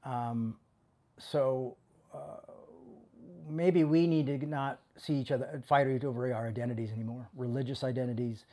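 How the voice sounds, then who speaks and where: A man's voice: mid-range voice, steady tone, normal speed, mellow. A man giving a conversational sermon as a pastor, speaking with passion and often restarting and stumbling over his words.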